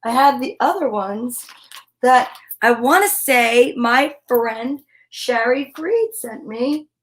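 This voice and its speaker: A woman hosting a children's story time, talking in an upbeat, gentle, affirming way. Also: fairly high pitch, takes it slowly, rough recording. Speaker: host reading children's books.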